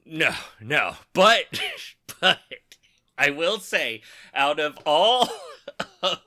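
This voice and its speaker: A man co-hosting a podcast in loose, casual chat. His voice is bright and his pitch moves a lot. He takes his time, and jokes and laughs often. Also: very animated. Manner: joking, laughs often, drawn-out phrasing. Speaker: podcast co-host.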